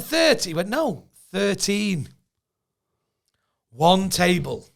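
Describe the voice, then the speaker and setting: Here a podcast co-host and comedian, his voice on the high side with vocal fry, recounts funny anecdotes animatedly, breaking into laughter and doing impressions of the people involved.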